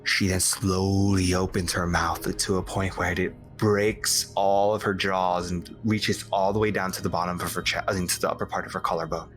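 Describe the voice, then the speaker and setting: A man narrating as game master in a tabletop game, with slow, descriptive storytelling that halts on fillers. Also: sits low, little pitch movement, a bit bright, soft background music.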